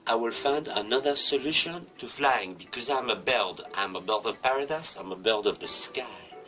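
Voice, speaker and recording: A man's voice: medium pitch, normal speed, sharp tone, faint music behind, close to an everyday voice. Man putting on a chirpy French bird. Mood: proud. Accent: put-on French. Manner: grandly determined, self-pep-talking. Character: cheerful male French bird with stumpy wings. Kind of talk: comic storytelling with a toy.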